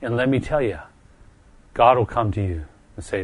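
Here a middle-aged man, still recovering from a stroke, gives a heartfelt sermon that is gentle and earnest, frequently pausing and repeating himself and quick to emotion. His mid-range voice is expressive, and there is no echo.

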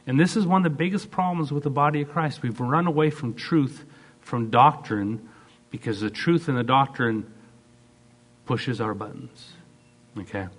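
A man preaching a sermon, acting out quoted voices and swinging from loud, fast bursts to soft, slow stretches. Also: mid-range voice.

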